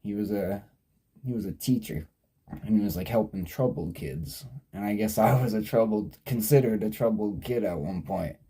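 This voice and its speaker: A young man in his twenties tells a story in a casual, rambling vlog, swearing freely, often sidetracking and correcting himself. His voice is fairly low, dark and slightly rough, at a normal speed.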